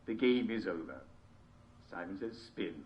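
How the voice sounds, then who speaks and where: Theatrical TV host figure, showy sing-song delivery, very lively pitch. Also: male voice, brisk, a little hiss or hum. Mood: playful. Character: beaming, theatrical male TV host, middle-aged. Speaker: game character hosting games and stories. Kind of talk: video game voice acting.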